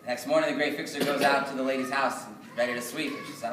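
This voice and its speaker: A male storyteller telling a folk tale aloud at a live synagogue gathering, lively and rhythmic with repeated phrases. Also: medium pitch, brisk. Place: synagogue event. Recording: echoey hall from far off, noisy.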